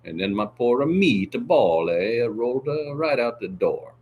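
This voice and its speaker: A man's voice: mid-range voice, lively intonation, a little slow, darkish tone, a little hiss or hum, close to an everyday voice. A man doing a hammy mock-Italian meatball guy. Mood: hammy lament. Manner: exaggerated mock Italian accent, tacking "eh?" onto lines.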